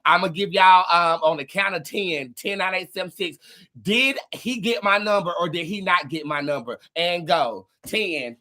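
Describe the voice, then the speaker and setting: A man hosting a tarot livestream, telling stories in a dramatic, profane, animated way and acting out what people said. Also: sits high, normal speed. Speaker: tarot reader and livestream host. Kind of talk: casual storytelling chat on a livestream.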